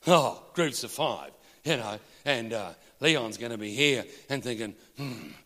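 A man preaching a sermon to a congregation, telling a story with lively acted-out voices. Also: medium pitch, a little slow. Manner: animated storytelling, acts out quoted voices. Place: large church hall. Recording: long hall reverb.

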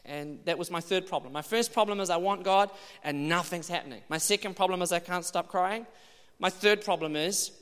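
A man preaching a sermon, telling his own testimony in an animated way, moving from hushed passages to loud ones. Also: fairly high pitch, smooth. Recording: long church reverb.

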